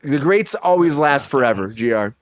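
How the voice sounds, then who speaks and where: A man hosting a live comedy entertainment news show, hyping his co-host with playful teasing and shouted countdowns. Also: medium pitch, animated, normal speed, no room sound.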